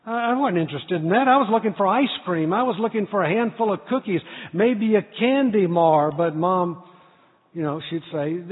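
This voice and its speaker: A male pastor delivers an earnest sermon full of stories, pressing points with rising emphasis. His high, husky voice comes through a tinny, phone-like recording with a long hall echo. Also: moderate pace. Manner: storytelling, earnest, builds to loud emphasis.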